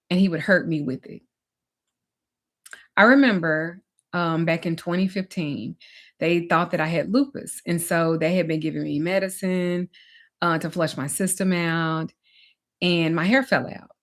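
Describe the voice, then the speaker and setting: A woman's voice: lowish voice, steady tone, measured pace, pauses often. A woman who teaches spiritual practice shares a personal story in a candid, conversational way. She speaks with emphasis and openness. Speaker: spiritual teacher and life coach.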